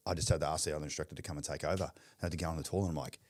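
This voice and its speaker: A deep-voiced man hosts a casual podcast interview, talking quickly and frankly. His voice is recorded close and dry, with no room echo. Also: steady tone, darkish tone. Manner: quick, chatty, frank about his own struggles. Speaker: podcast host.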